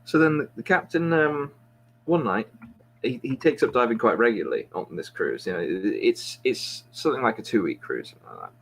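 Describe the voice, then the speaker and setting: A man's voice: mid-range voice, animated, brisk, creaky, a bit bright, a little hiss or hum. A man, a podcast host, telling a long joke in a rambling, self-mocking way with many restarts.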